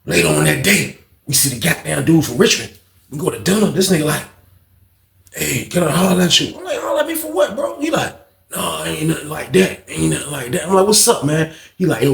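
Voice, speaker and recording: A slightly high voice with vocal fry, heard in a reverberant room, belongs to a channel host telling a casual prison story. He's animated and profane, performing the lines of others.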